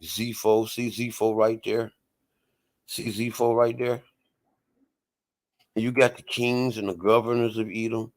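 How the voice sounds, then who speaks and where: A man's voice: lowish voice, flat delivery, unhurried, pauses often. A man hosting an online show, reading aloud and arguing heatedly, repeating "right?" and "people" as he pushes his point. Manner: emphatic, repeats "right?" and "people", rising to loud outbursts. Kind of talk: heated casual commentary reading from screen.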